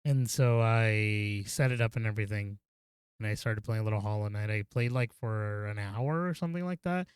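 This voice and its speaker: Young male co-host, clean smooth tone, chill and easygoing chatter. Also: fairly low pitch, moderate pace, no echo, studio quality. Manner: laid-back, says "dude" a lot. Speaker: podcast co-host. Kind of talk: casual gaming podcast chat.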